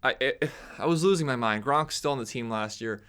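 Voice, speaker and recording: A young man delivering an opinionated sports rant straight to the camera. His voice is bright and forward, and he gets animated, jumping higher in pitch whenever he mocks someone. He sounds like a fired-up commentator arguing his case. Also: fairly quick, clean tone. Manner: animated, ranting, voice leaps up when mocking others. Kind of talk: opinionated sports talk monologue.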